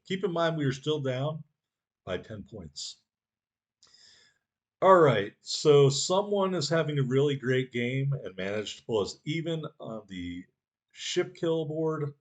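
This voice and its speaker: Male game commentator at home, excitable, mock-angry at teammates, joking. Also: mid-range voice. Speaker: gameplay commentator. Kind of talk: game commentary over footage.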